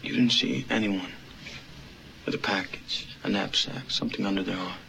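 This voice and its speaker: An actor playing a gruff, weary police detective in a film drama, with a gravelly voice. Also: male voice, lowish voice, fairly even intonation, moderate pace, sharp tone, slight background noise, poor audio. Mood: probing.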